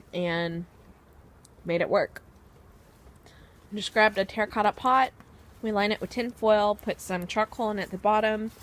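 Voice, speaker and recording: Woman vlogger, bright tone, casual chatter with easy laughs. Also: medium pitch. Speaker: beauty vlogger. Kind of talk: casual vlog chat.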